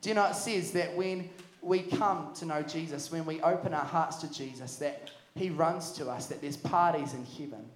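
High-voiced New youth preacher. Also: male voice, moderate pace. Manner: energetic, jokey storytelling. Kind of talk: sermon. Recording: echoey hall.

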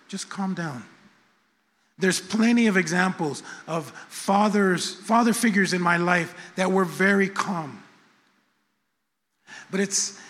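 Middle-aged guy preaching, slow and chatty, repeats himself a lot, big reverby church. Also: high voice, a bit bright. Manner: conversational, repetitive, self-deprecating asides. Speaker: pastor. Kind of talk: sermon. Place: church sanctuary. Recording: long church hall reverb.

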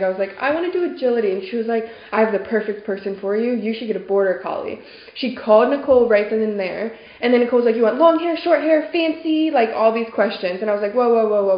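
A young woman telling a story in a casual group chat, acting out what people said and filling her talk with "like". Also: on the high side. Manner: animated storyteller, acts out quotes, many "like"s. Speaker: dog trainer on team podcast. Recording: echoey room, dull lo-fi sound.

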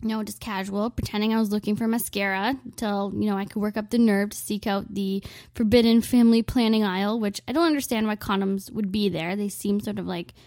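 A woman's voice: mid-range voice, steady tone, fairly quick, darkish tone, dry recording, clean studio sound. A young woman telling a self-mocking comic story, rambling and dramatic, with lots of "like". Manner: dramatic, exaggerated delivery.

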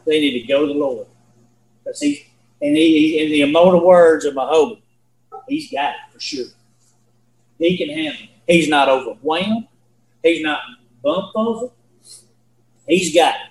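Folksy man preaching, high voice. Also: animated, normal speed, pauses often, roomy sound, poor audio. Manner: folksy, earnest, repeats himself, asks the listeners questions. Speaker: Bible teacher. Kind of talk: sermon.

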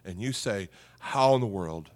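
A middle-aged man preaching a sermon as a pastor, talking conversationally, often tagging points with "okay?" and "right?", and going soft and quiet on serious points. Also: lowish voice, lively intonation, unhurried. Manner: drops softly on serious points.

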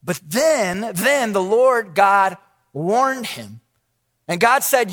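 A middle-aged man preaching a sermon as pastor, animated, dropping to a hush and then rising to near shouts for emphasis. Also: sits high, extremely slow. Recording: long reverb of a large hall.

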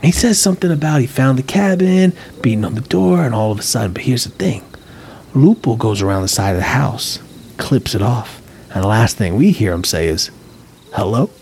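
A man's voice: mid-range voice, lively intonation, fairly quick, gravelly, darkish tone, a little hiss or hum. A man narrating a story in a casual, slangy first-person way, rambling and constantly tagging lines with "right?". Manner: rambling, filler-heavy, keeps asking "right?". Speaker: reader, narrator.

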